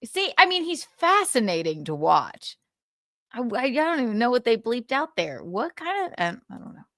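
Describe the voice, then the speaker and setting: A woman's voice: on the high side, big pitch swings, moderate pace, fairly bright tone, dry recording, studio quality. A woman hosting a livestream, chatting casually and giggling as she reacts to a clip. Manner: giggly, musing aloud. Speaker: livestream host.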